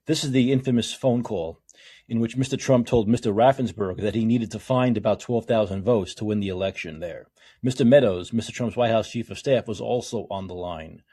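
This man's voice sits on the low side and sounds husky, and his pace is a touch quick. Hosting a political talk show, he alternates between reading legal papers aloud and launching into angry, sarcastic tirades full of swearing.

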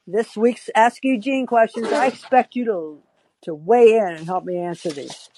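A woman's voice: mid-range voice, normal speed, dark tone, slight background noise. A woman podcast host telling a story and chatting in a wry, self-interrupting way. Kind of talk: storytelling and call-in chat.

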